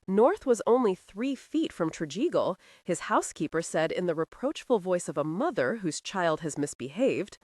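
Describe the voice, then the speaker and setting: A woman narrating a romance audiobook in an expressive storytelling way. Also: on the low side, moderate pace, few pauses, dry recording, studio quality. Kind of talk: scripted narration.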